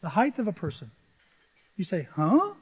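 A middle-aged man preaching a sermon, telling humorous stories with animated asides to the congregation. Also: high voice, moderate pace, husky. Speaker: pastor. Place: church sanctuary. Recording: dull reverberant church recording.

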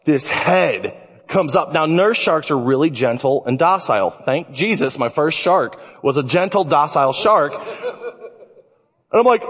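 A man preaching a sermon, telling stories in an animated way. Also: on the high side, unhurried, slightly rough. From Illinois. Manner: animated storytelling. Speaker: pastor. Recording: reverberant church hall.

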